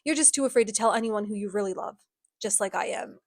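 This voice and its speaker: A woman's voice: medium pitch, quick pace, no echo, clean studio sound, close to an everyday voice. A woman voicing a brooding teenage boy who snaps at the people around him, in a casual book recap. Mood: smug. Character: brooding teenage male hero, curt and harsh.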